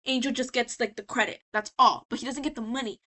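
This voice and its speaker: A tipsy woman casually recapping a story in a scattered, animated way that is full of swearing and restarts. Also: a little high, fast. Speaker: video creator.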